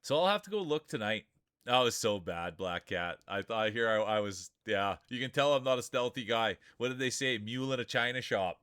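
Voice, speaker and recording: A man's voice: medium pitch, lively intonation, brisk, a bit bright, clean tone, dry recording, clean studio sound. A man streaming live, doing playful, joking play-by-play commentary on marble races and chatting with viewers.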